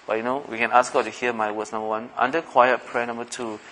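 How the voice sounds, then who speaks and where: Bright-voiced pastor preaching. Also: male voice, mid-range voice, flat delivery, fast, slight background noise, low-quality recording. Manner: conversational, asks the listeners questions, acts out everyday voices. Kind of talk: sermon.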